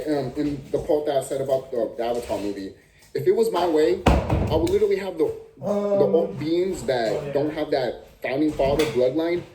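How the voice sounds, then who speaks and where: A vlogger delivering a profane, emphatic ranting monologue and repeating phrases for emphasis. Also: mid-range voice. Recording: clear background noise.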